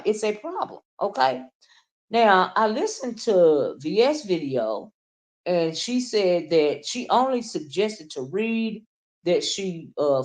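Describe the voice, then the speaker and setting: A woman, chatting casually on a livestream, greeting viewers by name and calling them honey. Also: medium pitch. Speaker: livestream commentator. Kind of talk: casual live-chat commentary.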